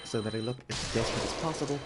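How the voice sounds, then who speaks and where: A man's voice: mid-range voice, rapid-fire, heavy background noise. A man in his twenties giving wry, self-mocking let's-play commentary with a stuffy nose. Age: 20s. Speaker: gaming channel host. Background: loud game music and combat sounds.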